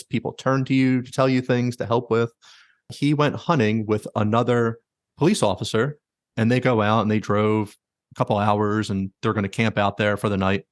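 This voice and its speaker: A man's voice: on the low side, dry recording, clean studio sound. A man hosting a podcast, casually retelling stories with many likes and quoted asides. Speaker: podcast host. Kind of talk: casual storytelling.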